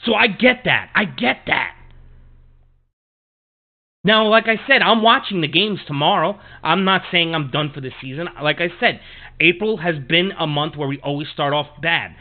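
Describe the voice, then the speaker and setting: A man's voice: a little high, expressive, normal speed. A man hosting a sports podcast, swearing often and ranting heatedly in a monologue. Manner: profane, heated, repetitive ranting. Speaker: podcast host. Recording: tinny phone-like audio.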